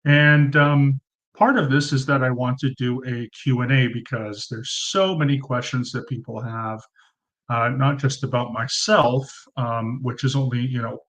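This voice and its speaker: A man's voice: mid-range voice, fairly even intonation, a little slow, a bit bright, low-quality recording. Thirties male streamer, loose chatty delivery full of ums, cheap mic in a room at home. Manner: chatty, rambling, many ums and uhs, thanks viewers by name. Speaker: livestream host. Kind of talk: casual live Q&A chat. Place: room at home under fluorescent lights. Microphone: cheap desk mic.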